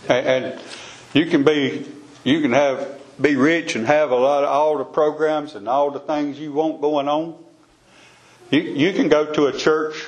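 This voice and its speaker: Man, mid-pitched, plain folksy Bible-study teacher, talks loosely and repeats himself.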